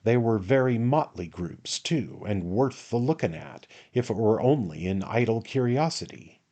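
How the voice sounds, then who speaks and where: A man reading a classic novel aloud as an audiobook narrator in a measured, unhurried way. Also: fairly low pitch, expressive, warm tone. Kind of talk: scripted narration.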